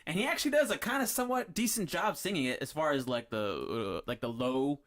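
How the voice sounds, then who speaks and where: A man's voice: fairly high pitch, lively intonation, brisk, a bit bright. A man hosting a podcast, chatting casually and rambling through a story with lots of fillers and restarts. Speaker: podcast host. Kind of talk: casual chat.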